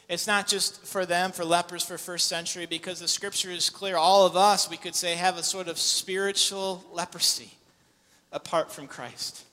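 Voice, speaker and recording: A man preaching a sermon as pastor. He builds from quiet, grave passages to loud, impassioned preaching. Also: high-pitched, steady tone, moderate pace. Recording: long echo in a large hall.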